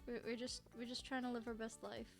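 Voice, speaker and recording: A woman's voice: on the high side, flat delivery, brisk, vocal fry, faint music behind. A woman streamer giving casual let's-play commentary, rambling to herself with frequent restarts and giggles. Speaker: game streamer.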